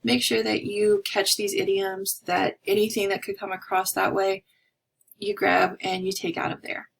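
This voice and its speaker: A woman's voice: medium pitch, little pitch movement, normal speed, creaky, breathy edge, rough recording. A woman instructor from North America giving a recorded lecture in a chatty, discursive way with many fillers. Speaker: college instructor.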